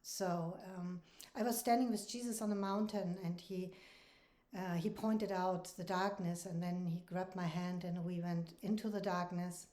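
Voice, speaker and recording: Warm-voiced woman. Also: lowish voice, steady tone, unhurried. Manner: earnest and heartfelt, with laughs between thoughts. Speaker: author sharing faith testimony. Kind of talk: personal faith testimony. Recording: roomy echoey recording.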